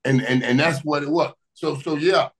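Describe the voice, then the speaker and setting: In a rough recording, a Miami man who used to play receiver professionally shares stories as a guest in a relaxed chat. He speaks with a fairly high pitch at a moderate pace, staying lively, repeating himself, and laughing in bursts.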